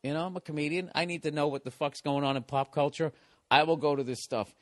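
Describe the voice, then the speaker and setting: A man's voice: on the high side, steady tone, fast. A man hosting a podcast, telling a comedic story as a profane, exasperated, sarcastic rant. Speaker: podcast host.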